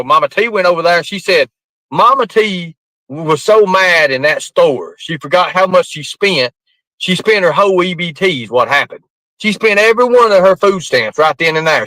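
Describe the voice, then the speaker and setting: A man's voice: fairly high pitch, lively intonation, a little fast, bright, forceful tone, no echo, poor audio. A man ranting defensively to his live-stream chat, swearing often and rambling from point to point. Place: outdoors at night in the rain.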